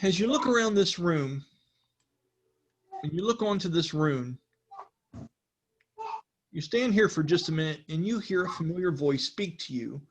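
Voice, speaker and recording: A game master narrates a tabletop session in an easygoing, conversational manner, pausing with the odd filler. A faint hiss sits under the voice. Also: medium pitch, animated.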